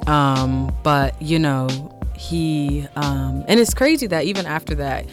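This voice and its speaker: A young woman hosting a podcast, telling a personal story in an animated, slangy, casual way. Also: low voice, slow, music in the background. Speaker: podcast host. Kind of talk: casual chat.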